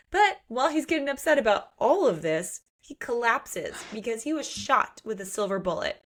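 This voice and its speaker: Woman, podcast co-host, casual and animated, laughs a lot, average pitch. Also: moderate pace. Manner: animated, laughs often, acts out quotes. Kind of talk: casual book discussion.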